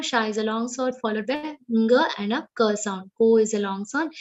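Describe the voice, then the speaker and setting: A woman with an Indian English accent teaching Sanskrit pronunciation in an online class, chanting verses slowly and correcting each sound precisely. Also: fairly high pitch, steady tone, lo-fi sound. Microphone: online video call.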